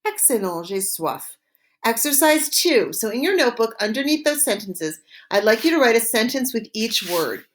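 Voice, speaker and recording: A woman leads a recorded language lesson. Her voice sits a little high. She spells out each phrase slowly and carefully so listeners can repeat after her. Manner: slow, clear modeling of phrases for repetition. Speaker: French teacher.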